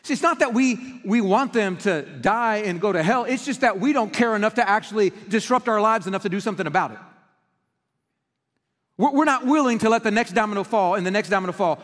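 A man preaching a passionate sermon, swinging between emphatic peaks and hushed lines in a church sanctuary. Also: high voice, big-room sound. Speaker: pastor.

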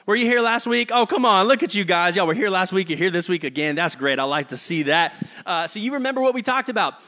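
Bright-voiced, chatty young pastor. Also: male voice, high voice, expressive, quick pace. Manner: chatty, stammers and repeats words. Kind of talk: casual, humorous sermon.

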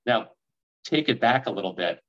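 A man in his forties telling a story in a podcast interview, acting out the dialogue with lively energy. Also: mid-range voice, normal speed, lo-fi sound. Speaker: real estate investor guest.

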